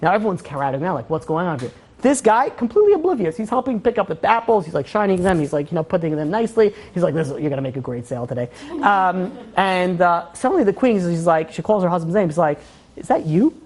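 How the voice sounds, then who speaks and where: A woman's voice: lowish voice, fast, few pauses. A woman telling a moral story in a casual way during a class, acting out the characters' lines as she goes. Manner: animated retelling, acting out quoted lines with "he's like".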